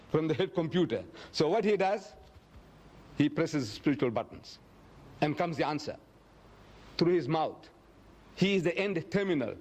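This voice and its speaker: A man giving a public religious lecture, acting out quoted speech dramatically and slowing down to stress key phrases. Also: a little mellow. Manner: dramatic, acts out quoted speech with big pitch swings.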